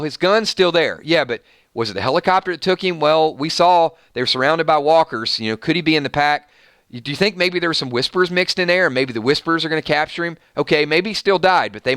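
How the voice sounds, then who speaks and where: A man's voice: fairly high pitch, pushed and bright, dry recording. A man with a Southern US accent hosting a livestream, talking straight to his viewers and working himself up into an emphatic rant. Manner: emphatic, gets fired up and rants to viewers. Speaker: YouTube channel host. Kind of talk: livestream commentary and ranting.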